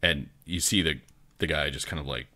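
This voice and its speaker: A man runs a tabletop game, narrating casually with frequent fillers. His voice is low, with a bright, forward tone. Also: normal speed. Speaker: game master.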